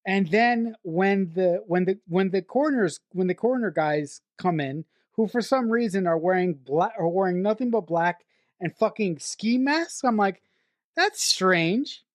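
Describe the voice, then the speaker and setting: Excitable, swearing woman podcast co-host. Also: medium pitch, moderate pace, no room sound. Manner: excitable, swears freely, stumbles and restarts. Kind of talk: casual film-review chat.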